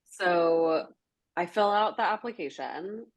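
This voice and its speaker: Woman, low pitch, casual chat, fillers and laughs. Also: takes it slowly. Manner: chatty, laughs often, many fillers. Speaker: podcast host.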